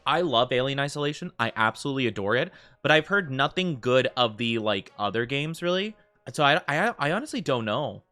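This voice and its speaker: A man's voice: medium pitch, expressive, a little fast, sharp tone, soft background music. An American man streaming a game, chatting casually and rambling with lots of filler words. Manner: rambling, heavy use of fillers like "like". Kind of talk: casual livestream chat.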